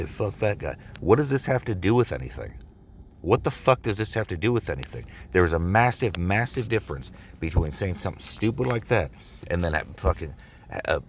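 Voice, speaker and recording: A man's voice: low voice, a little hiss or hum. A man ranting in an agitated, profane vlog, repeating himself and swearing often. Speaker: vlogger. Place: in his car.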